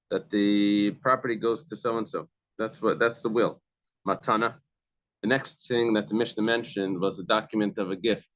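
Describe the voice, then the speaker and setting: A man with a low voice leads a study group. He reads a passage and then explains it in plain words, pausing and restarting often. The sound is close and dry. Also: fairly bright tone, dry recording. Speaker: Talmud class leader.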